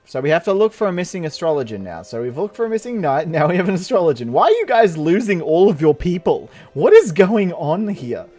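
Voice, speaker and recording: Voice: mid-range voice, very animated, brisk, hardly any pauses, a little mellow, soft background music. A game player giving goofy, giggly, rambling casual commentary while playing an online role-playing game. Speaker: let's play gamer.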